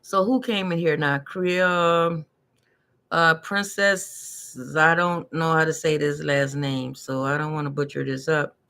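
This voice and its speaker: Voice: medium pitch, steady tone, a little slow, bright, forceful tone. A chatty tarot and numerology reader talks loosely to viewers during a live-stream reading. They repeat themselves, restart phrases and trip over long words. When a word beats them, they laugh it off at their own expense.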